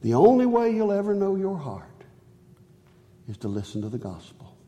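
A man preaching a sermon in a church, earnest, swinging from high emphatic phrases to low quiet ones. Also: big pitch swings, moderate pace, in a large hall. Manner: earnest, rises high on key phrases and drops low on others.

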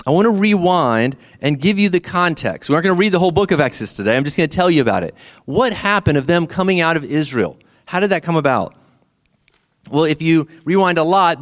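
A middle-aged man preaches a sermon in a relaxed, conversational way. His voice sits a little high for a man, and he keeps asking his listeners questions as he talks them through the story. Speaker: pastor.

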